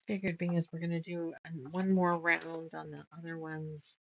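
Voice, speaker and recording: A woman's voice: low-pitched, level tone, moderate pace, vocal fry, highs cut off, a little hiss or hum. A middle-aged woman chatting casually while she quilts, rambling through stories, trailing off and laughing at herself. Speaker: quilting vlogger. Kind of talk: casual chat while sewing.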